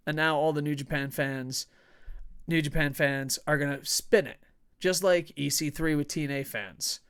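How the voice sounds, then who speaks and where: A man's voice: fairly high pitch, moderate pace. A young man hosting combat sports news as casual commentary, swearing a lot, ranting and often laughing. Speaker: wrestling news host. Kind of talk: casual commentary reading headlines.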